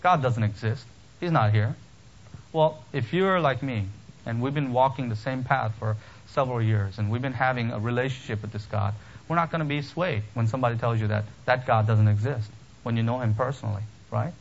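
A middle-aged man preaching a sermon, earnest and steady, rising to emphatic peaks with touches of gentle humor. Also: mid-range voice, brisk, vocal fry, highs cut off, a little hiss or hum. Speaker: pastor.

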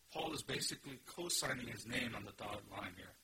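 A man preaching an expository sermon, emphatic, with sudden rises in pitch and loudness. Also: animated, fairly quick. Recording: noisy recording.

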